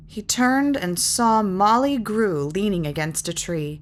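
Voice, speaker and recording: A woman reading a fantasy novel aloud in measured, lyrical narration. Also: medium pitch. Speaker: reader. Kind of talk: audiobook narration.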